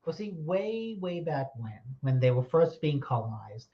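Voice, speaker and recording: A man's voice: fairly high pitch, big pitch swings, a little slow, dull audio. A man co-hosting a casual chat show, trading jokes and banter. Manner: joking banter. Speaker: podcast co-host.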